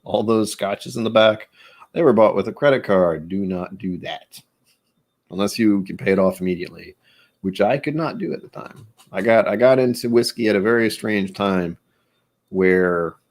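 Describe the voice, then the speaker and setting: A man's voice: lowish voice, moderate pace. A man hosting a casual whiskey tasting vlog, chatty and rambling, who stumbles over words when he reads aloud. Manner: rambling, chatty, self-deprecating. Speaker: whiskey channel host.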